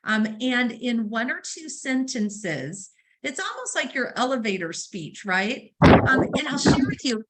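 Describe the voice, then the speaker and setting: A woman delivers a real estate training talk in a bright, somewhat high voice. She is conversational, leans on fillers, and brings her stories to life by voicing each side of the dialogue. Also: very animated, a little slow, poor audio. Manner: storytelling, acts out dialogue; conversational, uses fillers like um and right.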